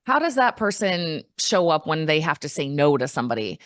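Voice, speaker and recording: A woman with a low speaking voice talks as a guest coach in a relaxed interview. She is lively and jumps into playful quoted replies. The sound is dry and close. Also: fairly quick, few pauses, no room sound. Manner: animated, acts out quoted replies in a higher voice. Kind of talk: casual interview chat.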